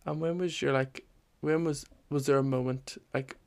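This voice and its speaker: A podcast host asks questions in a casual, rambling way, full of fillers and enthusiasm. The voice sits at a middle pitch with a strong gravelly fry running through it. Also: steady tone, moderate pace, a little mellow.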